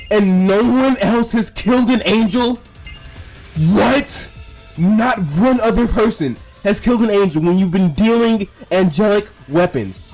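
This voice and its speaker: A man's voice: a little high, darkish tone. A young man giving an exasperated, casual reaction rant as a commentator, stumbling over repeated words and swearing.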